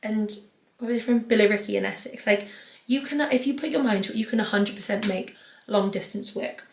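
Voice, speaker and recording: A woman's voice: medium pitch, a little fast, creaky, a little hiss or hum. A young British woman hosting an advice podcast, chatting casually with lots of "like" and reading out listener letters. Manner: chatty, fills nearly every phrase with "like"; reads out listener letters, then answers them. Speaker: podcast host giving advice. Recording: roomy echo.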